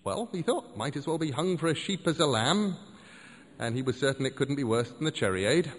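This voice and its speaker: A man narrating a story in an expressive, wry way. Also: fairly high pitch, brisk, long reverb tail, slight background noise.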